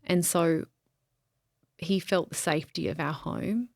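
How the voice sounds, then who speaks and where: In a clean, dry studio recording, a grieving woman with a lowish voice and vocal fry opens up as a podcast guest. The interview is reflective, and she halts and starts over while feeling for the right words.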